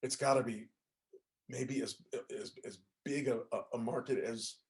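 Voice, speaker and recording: A man's voice: mid-range voice, fairly even intonation, moderate pace. Conversational man lecturing. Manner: conversational, asks the audience to confirm with frequent "right?" and "okay?". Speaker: music professor giving an online talk. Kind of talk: informal lecture over video call. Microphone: video call.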